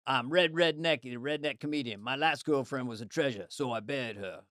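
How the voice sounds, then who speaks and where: A man voicing a deadpan redneck stand-up comedian, reading one-liners with slow, flat punchlines. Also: medium pitch, dry recording, studio quality, lightly acted.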